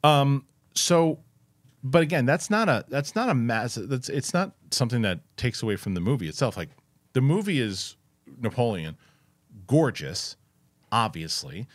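On this dry-sounding movie review podcast, another male co-host speaks at a moderate pace, his medium pitch swinging widely. He rambles through the film chat, restarting often and swearing now and then.

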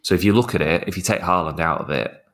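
A man with a very low voice talks through football tactics. He rambles and restarts often, filling gaps with ums. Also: fast, fairly bright tone. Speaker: podcast guest, football journalist. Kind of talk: casual football chat.

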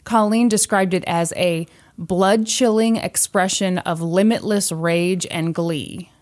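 A woman co-hosting a podcast, casually telling a true crime story with animated delivery and acted-out quotes. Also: lowish voice, slow. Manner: animated, acts out quoted voices, laughs often.

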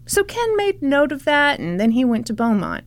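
A woman hosting a podcast, excitedly retelling a true crime case in casual chat, giggling often and swearing freely. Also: high-pitched, normal speed.

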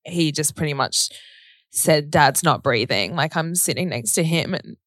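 Young aussie woman rambling through a story, lots of "like", lowish voice, dry close mic. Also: normal speed, dry recording. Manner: rambling storytelling, many "like" fillers, re-enacts dialogue. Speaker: podcast co-host sharing a personal story. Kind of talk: casual chat.

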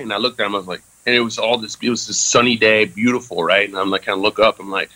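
Bright-voiced veteran man telling war stories. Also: fairly low pitch, quick pace, dry recording, low-quality recording. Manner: frequent fillers, candid and profane. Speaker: interview guest, Army veteran. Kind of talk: casual storytelling.

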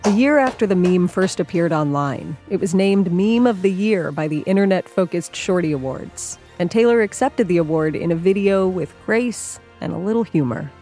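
A woman's voice: fairly low pitch, animated, normal speed, few pauses, mellow, soft background music. Wry woman podcast co-host. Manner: questioning, lightly wry. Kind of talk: conversational scripted narration.

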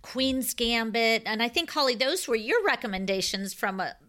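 A woman co-host chatting casually, with a bright, forward tone that sits a little high. She is enthusiastic and teases the others playfully. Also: lively intonation, moderate pace. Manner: enthusiastic and teasing. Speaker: podcast co-host. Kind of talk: casual chat.

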